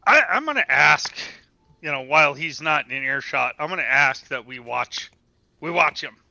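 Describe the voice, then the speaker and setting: A man's voice: a little high, expressive, normal speed, vocal fry, sharp tone, dry recording. A man playing his character in a tabletop game, wary and stammering. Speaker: player. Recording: dull lo-fi line.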